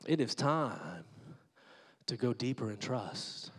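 Candid pastor preaching in a reverberant hall. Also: male voice, mid-range voice, sing-song, takes it slowly, a bit bright, slightly rough. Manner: candid, jokey and conversational. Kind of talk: sermon.

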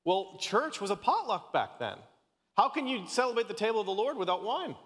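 A man's voice: sits high, big pitch swings, a little fast, fairly bright tone, big-room sound. A man from Canada in his thirties preaching a casual, joking sermon, often stumbling and restarting his sentences. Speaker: pastor. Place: church sanctuary.

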